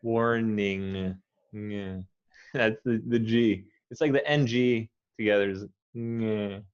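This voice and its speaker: Low-voiced American English teacher. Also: male voice, steady tone. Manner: patient, models words slowly and repeats them. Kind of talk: pronunciation coaching. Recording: dull lo-fi audio.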